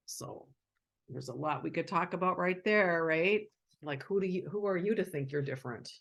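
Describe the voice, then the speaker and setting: Chatty book reader with a gravelly voice. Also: mid-range voice, moderate pace, a bit bright. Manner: chatty, laughing asides. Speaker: host reading a children's book. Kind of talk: casual read-aloud with commentary.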